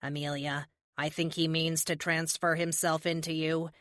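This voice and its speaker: A composed, formal AI assistant from a superhero audiobook, voiced by a woman. It answers in precise, measured sentences with a touch lower pitch than her narration. The sound is dry and close. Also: little pitch movement, fairly bright tone, no echo. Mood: calm.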